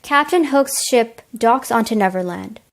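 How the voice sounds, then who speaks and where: A woman's voice: a little high, expressive, measured pace. A teenage girl reading plain storybook narration for a school play. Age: teens.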